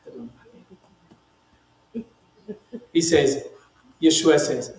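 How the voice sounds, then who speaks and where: Emphatic rabbi, slightly high, roomy echo. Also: male voice, expressive, very slow, long pauses, darkish tone. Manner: emphatic, reads quoted speech in a raised voice, many "you know" asides. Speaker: rabbi teaching the weekly Torah portion. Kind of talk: conversational Bible teaching.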